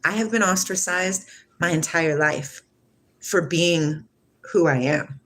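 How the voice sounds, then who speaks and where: A woman in her forties from Washington state talks unhurriedly in a lowish voice. She muses reflectively on spiritual ideas and answers her livestream chat, often laughing as she goes. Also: slow, a bit bright, slight background noise. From Washington state, USA. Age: 40s. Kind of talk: casual spiritual musing.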